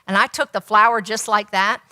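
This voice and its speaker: A woman's voice: medium pitch, fairly even intonation, normal speed, pushed and bright, big-room sound. A woman nutritionist giving a teaching talk, telling stories and asking the audience rhetorical questions.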